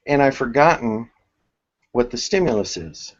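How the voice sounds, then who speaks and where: A man teaching a spiritual workshop, thinking aloud with many restarts and pauses. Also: medium pitch, lively intonation, muffled recording.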